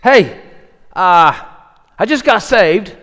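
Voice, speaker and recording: A man's voice: high voice, animated, slow pace, a bit bright, voice pushed up, exaggerated voice. A man voicing a bewildered, newly saved thief who stammers and pleads. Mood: pleading. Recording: echoey hall reverb.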